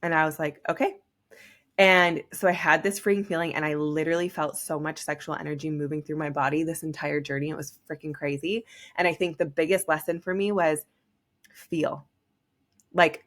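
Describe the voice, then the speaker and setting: A young woman hosting a podcast, telling a personal story in a casual, chatty way, full of "like.". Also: low-pitched. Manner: chatty, heavy use of "like". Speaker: podcast host.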